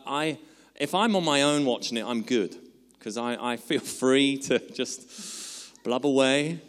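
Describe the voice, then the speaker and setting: A male preacher at a mid-range pitch delivers an earnest sermon, drawing out key words before drifting into relaxed, joking asides. His voice rings out in a large hall with a long, trailing reverb. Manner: earnest, slows for emphasis, loosens into chatty humorous asides.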